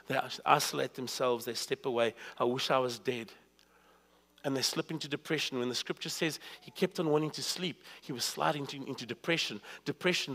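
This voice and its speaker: A man preaching a sermon, swinging from loud, high bursts to hushed, low asides. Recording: long reverb of a hall.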